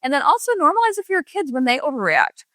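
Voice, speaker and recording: A woman's voice: high-pitched, sing-song, fast talker, a bit bright, dry recording. Chatty, sarcastic middle-aged woman podcaster. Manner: chatty and rambling, with asides. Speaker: parenting coach and podcast host. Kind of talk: casual podcast monologue.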